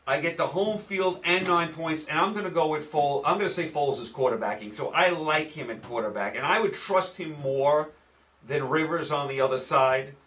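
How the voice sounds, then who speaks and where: A man with a New York accent hosts his own show of football betting picks, hammering his opinions home by saying them again and again. His voice sits a little high for a man and sounds slightly off the mic. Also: normal speed, a bit bright, recorded from a distance. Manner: opinionated, repeats himself for emphasis. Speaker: sports picks host. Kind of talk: casual sports betting commentary.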